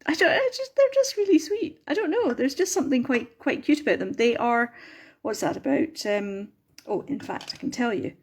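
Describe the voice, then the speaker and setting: A middle-aged woman chats through a craft livestream in a fairly high voice. She rambles, stops herself mid-thought and apologises often, keeping the talk loose and homely. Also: expressive, normal speed, slightly rough. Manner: chatty, self-interrupting, apologetic. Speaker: craft maker hosting a livestream. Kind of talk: rambling casual live chat.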